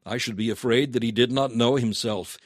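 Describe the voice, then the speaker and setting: A man reading a sermon aloud in an earnest, measured, emphatic way. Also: mid-range voice, steady tone, no echo, studio quality. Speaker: preacher.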